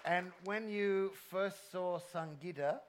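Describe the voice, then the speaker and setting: A man's voice: high-pitched, slow pace, some chatter behind. A man hosting an interview on a church stage as pastor, rallying the congregation enthusiastically into a handheld mic. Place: church auditorium. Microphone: handheld microphone.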